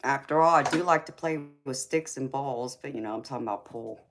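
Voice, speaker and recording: A woman's voice: rumbling low, brisk, noisy background. A woman hosting a tarot live stream, chatting casually with viewers, often teasing and calling them honey, baby and sweetheart.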